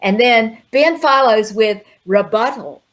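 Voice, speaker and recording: A woman's voice: fairly high pitch, takes it slowly, rough recording. Chatty woman hosting a live show. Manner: friendly, chatty, laughs easily. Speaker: show host. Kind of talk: casual chat introducing performers.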